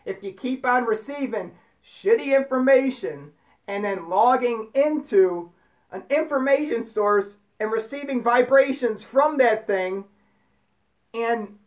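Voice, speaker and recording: Ranting, foul-mouthed spiritual speaker. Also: high voice. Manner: emphatic, ranting, heavy swearing. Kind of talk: profane spiritual monologue.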